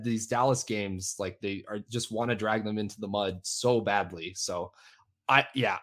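A man co-hosting a fantasy football podcast, talking in a relaxed, self-deprecating way with halting restarts. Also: fairly low pitch. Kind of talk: casual podcast chat.

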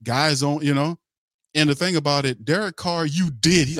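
A man's voice: fairly high pitch, expressive, moderate pace, a bit bright, no echo. A middle-aged man hosting a sports podcast, ranting bluntly and heatedly, swearing and repeating himself. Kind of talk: opinionated sports talk.

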